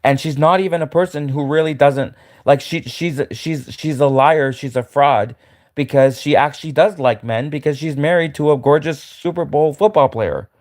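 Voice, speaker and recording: A man with a fairly high voice rants at the camera. He stammers, restarts his sentences and repeats himself in a mocking tone. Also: normal speed, a little mellow. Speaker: livestreamer. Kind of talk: ranting monologue to camera.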